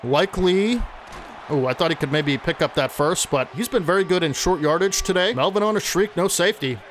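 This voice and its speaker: Excitable man commentating a football game. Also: high-pitched, a little fast, a little hiss or hum. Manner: excitable, talks to viewers. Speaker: gaming channel host. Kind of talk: play-by-play commentary of a video game.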